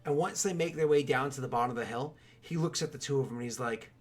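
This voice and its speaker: Animated man running a tabletop game. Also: mid-range voice, fast talker, hardly any pauses. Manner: animated storytelling, loose filler words. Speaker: game master.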